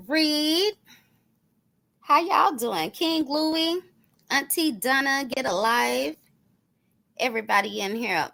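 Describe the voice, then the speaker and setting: A woman's voice: sits high, gravelly, sharp tone. A woman, ranting on her stream in a profane, confrontational, sarcastic way. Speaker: online commentary streamer. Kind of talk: heated ranting callout monologue.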